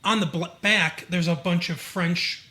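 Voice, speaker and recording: A man's voice: high-pitched, steady tone, unhurried, sharp tone. A man from Michigan co-hosting a podcast, recapping a TV episode in a chatty, digressive way with lots of fillers. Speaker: podcast co-host. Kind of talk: casual chat recapping a TV episode.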